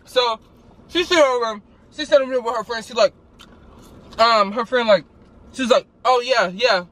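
A man with an extremely high voice, talking at normal speed, chats through a story while he eats for his vlog. It's loose and filler-heavy, and he animatedly acts out every quote.

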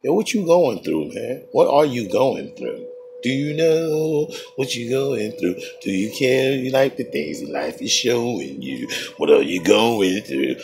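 A man's voice: mid-range voice, expressive, a little slow, creaky, background noise. A man streaming a game and trading profane, boastful taunts, breaking into laughter at his own jokes. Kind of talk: trash-talking commentary over a game.

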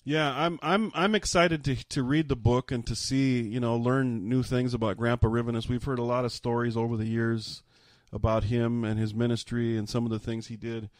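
A man in casual family conversation, speaking in a halting way with restarts. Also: medium pitch, fairly even intonation, no room sound, clean studio sound. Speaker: pastor.

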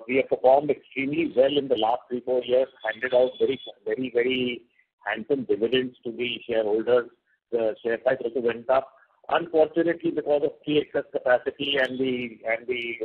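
A company executive answering analyst questions on an earnings call in a measured, reassuring way. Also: male voice, medium pitch, fairly even intonation, husky. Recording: tinny phone line.

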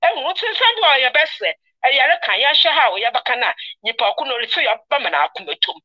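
A woman's voice: sits high, lively intonation, a little fast, lo-fi sound. A woman hosting a radio talk show, giving emphatic, preachy advice and quoting scripture.

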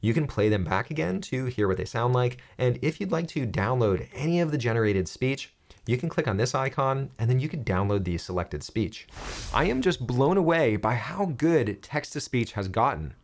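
A young man hosting a software tutorial, explaining step by step in an upbeat, joking way. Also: medium pitch, very animated, normal speed. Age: young adult. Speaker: tech tutorial host. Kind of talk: screen-recorded software tutorial.

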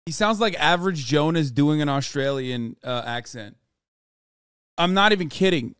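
A man's voice: fairly high pitch, animated, moderate pace, fairly bright tone, clear, resonant tone, no echo, clean studio sound. A man streaming reactions to a video, with blunt, joking commentary and plenty of swearing.

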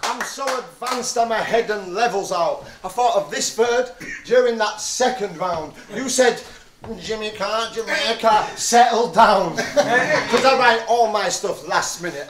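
Brash battle rapper, high voice. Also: male voice. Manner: brash, mocking, punchline delivery. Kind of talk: rap battle verses delivered to a live crowd. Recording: echoey venue with loud crowd.

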